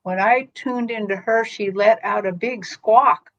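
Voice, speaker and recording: A woman co-reading in a live psychic session, animated and laughing often as she describes what she senses. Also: on the high side, a little slow, dull audio. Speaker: psychic medium co-reader.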